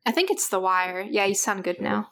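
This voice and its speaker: A woman from Britain co-hosts a podcast, talking through a movie's scenes casually. She sounds amused and chatty, with a middle-pitched voice. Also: sing-song, normal speed, creaky, a bit bright. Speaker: podcast co-host. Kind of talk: casual movie recap chat.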